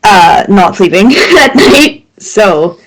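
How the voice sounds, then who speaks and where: A young woman co-hosting a podcast, telling stories in an animated way and laughing a lot. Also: medium pitch, slow, poor audio. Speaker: podcast co-host. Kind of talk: casual chat.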